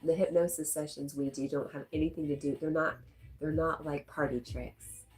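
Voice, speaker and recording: A woman's voice: sits low, steady tone, normal speed. A middle-aged woman with a stuffy nose, casually chatting on a live stream and reading viewer comments aloud. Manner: reads viewer comments aloud and chats back softly.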